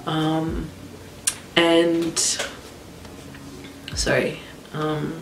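A woman's voice: deep voice, completely flat delivery, slow pace, long pauses, darkish tone, a little hiss or hum. A young woman telling a personal story for her vlog in a candid, raw way and swearing bluntly. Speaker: vlogger. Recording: roomy echo with background music.

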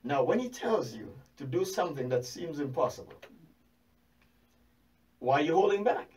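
A man with a high voice preaches a sermon, firing rhetorical questions at his listeners and repeating key phrases to drive them home. His delivery is animated. The mic sits some way off, so he sounds distant. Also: normal speed.

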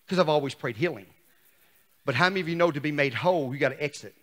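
A man in middle age preaching a sermon as pastor, shouting at times and dropping to a hush. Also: on the high side, rapid-fire. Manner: shouts and swings between loud and hushed. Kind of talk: fiery sermon. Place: church sanctuary. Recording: long church reverb.

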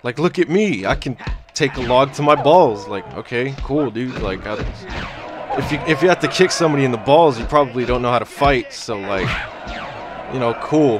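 Young dude rambling crude jokes over his game, average pitch, loud game music under him. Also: lively intonation, moderate pace. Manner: crude, rambling, joking storytelling with frequent laughs. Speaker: gaming YouTuber. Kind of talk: let's play commentary.

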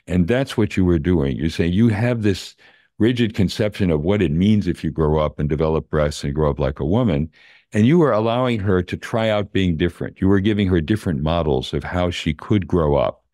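An older man, a neuroscience professor, calmly explaining brain science in plain terms during a conversation. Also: sits low, a little fast, no room sound, clean studio sound.

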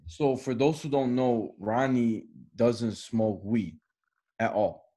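A young man tells a story on a casual podcast. His voice is husky and sits at a middle pitch, and he gets animated and laughs often as he talks. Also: slow. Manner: animated, laughs often while telling stories. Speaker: podcast co-host.

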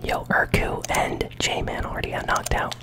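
A channel host whispers gameplay commentary while chewing gum, relaxed and chatty with flashes of excitement. The pace is moderate.

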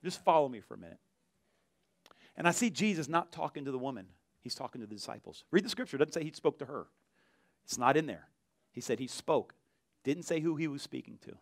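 A male pastor preaching an animated sermon, acting out voices from the story. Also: mid-range voice, a little fast, gravelly, pauses often, no room sound, studio quality.

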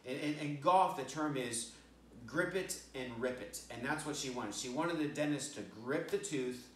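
An American man preaching in a roomy church hall, heard from some distance off the mic. He tells the story in a halting way, repeats words, and briefly acts out the voices of the people in it. His pitch sits in a middle range for a man. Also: a little hiss or hum. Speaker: pastor. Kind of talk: storytelling sermon. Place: church sanctuary.

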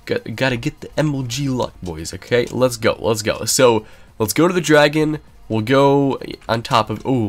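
A young man giving casual, rambling gameplay commentary, excitable and prone to sudden yelps. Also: mid-range voice. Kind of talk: casual let's-play commentary.

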